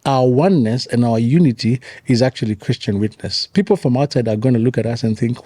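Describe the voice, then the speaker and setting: A man's voice: mid-range voice, brisk, few pauses, dark tone, slightly rough, no echo. A man, a pastor and author telling stories as a podcast guest and repeating key phrases for emphasis. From Kenya. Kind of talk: conversational storytelling.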